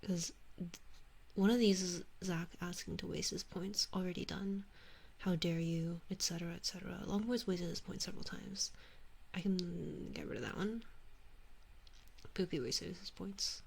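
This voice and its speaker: A woman's voice: lowish voice, fairly even intonation, moderate pace, gravelly, breathy edge. Young woman whispering close to the mic. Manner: soft unvoiced whisper, chatty and self-mocking. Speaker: streamer and ASMR artist. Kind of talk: whispered ASMR stream chat. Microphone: close sensitive ASMR microphone.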